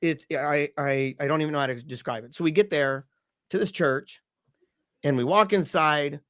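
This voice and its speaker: A lively man on a podcast tells a long story from his own life in a loose, chatty way, and he plays out what each person said with his voice. He has a slightly high voice for a man. The sound is dry and close, with no room echo. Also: moderate pace. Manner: animated, acts out the voices in his stories. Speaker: podcast guest. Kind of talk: casual storytelling in conversation.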